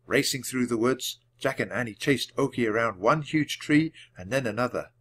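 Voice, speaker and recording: A man reading a children's chapter book aloud, clearly and deliberately, for language learners. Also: mid-range voice, a bit bright. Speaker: storybook reader. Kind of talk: storybook read-aloud.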